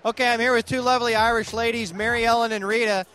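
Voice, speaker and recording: A man hosting a comic street interview show outdoors, delivering dry, mock-serious jokes in a deadpan manner. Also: very high voice, fast talker. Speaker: comedy show host and interviewer. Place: outdoor festival grounds.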